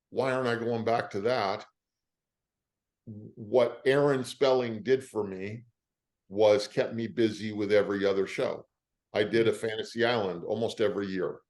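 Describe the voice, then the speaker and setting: An older man, an actor, telling stories in an interview with a lively, emotional delivery. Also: on the low side, moderate pace. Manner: lively storyteller, emotional at times. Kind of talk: animated anecdotes.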